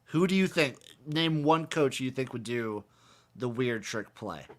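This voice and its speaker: A man's voice: medium pitch, animated, unhurried. A man co-hosting a podcast in loose casual chat, joking and asking his partner questions. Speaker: podcast co-host.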